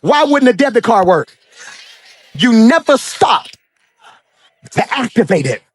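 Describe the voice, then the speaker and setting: A man preaching a sermon as pastor, swinging from shouted high points to low, quiet asides and acting out characters. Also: big pitch swings. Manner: acts out characters in quick dramatic voices.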